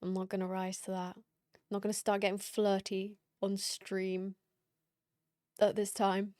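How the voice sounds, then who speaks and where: A woman's voice: medium pitch, completely flat delivery, unhurried, darkish tone, dry recording, clean studio sound. A woman streamer chatting casually and playfully with her viewers late at night, teasing and laughing often.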